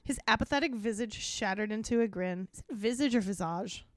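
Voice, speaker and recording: A woman's voice: mid-range voice, a little fast, no echo, clean studio sound. A woman podcast host reading a story aloud with a playful, theatrical, giggly delivery. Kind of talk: dramatic reading with jokey commentary.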